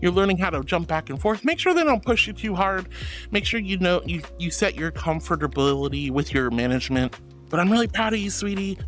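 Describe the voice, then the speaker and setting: A woman's voice: fairly low pitch, animated, a little fast. A woman streamer chatting casually with viewers, playful and giggly, calling them sweetie and honey. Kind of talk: casual chat reading out viewer messages. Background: faint background music.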